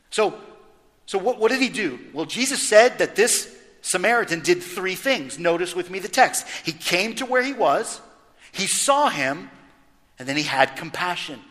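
A man preaching a sermon as pastor, animated and emphatic, throwing rhetorical questions at his congregation. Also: high-pitched, normal speed, in a large hall.

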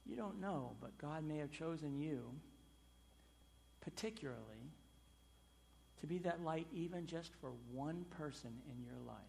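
A male pastor delivering a sermon in a church. His fairly high voice is emphatic, surging on key words and then sinking low and quiet. A long reverb from the large hall trails after every phrase. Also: lively intonation, a little slow, gravelly, pauses often, slight background noise. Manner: emphatic, swinging between loud stresses and quiet drops.

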